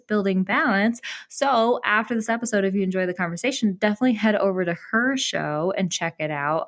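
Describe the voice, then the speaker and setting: A woman hosting a podcast, introducing the episode in a bubbly, chatty way with many casual fillers. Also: lowish voice. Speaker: podcast host.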